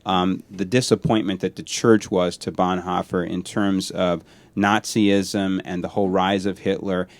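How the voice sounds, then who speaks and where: A man's voice: sits low, flat delivery, a little slow. Laughing middle-aged male podcast host. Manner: laughs often while retelling stories. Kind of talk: casual chat.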